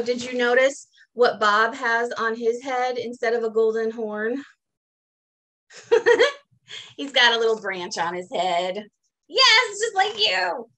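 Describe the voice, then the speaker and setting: A woman museum educator, reading a picture book aloud to children in a playful, gentle way. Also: fairly high pitch. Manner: playful, gentle, talks to kids.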